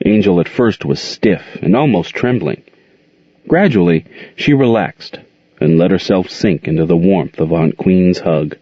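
Expressive male audiobook narrator, deep, dry, lo-fi recording. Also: unhurried, husky, dry recording. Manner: expressive storytelling. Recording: dull, dry muffled audio.

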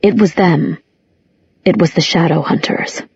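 A woman's voice: fairly low pitch, measured pace, vocal fry, a little mellow, slightly rough, no echo, highs cut off. A woman narrating an audiobook, reading every character herself with small changes of voice. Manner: reads all characters with small voice shifts. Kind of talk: scripted narration.

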